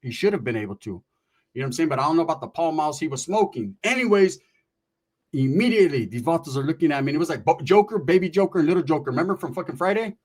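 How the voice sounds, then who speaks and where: A middle-aged man from California telling a casual comic story in an animated, profane and slangy way, with quick asides to the listener. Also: fairly high pitch. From Merced, California.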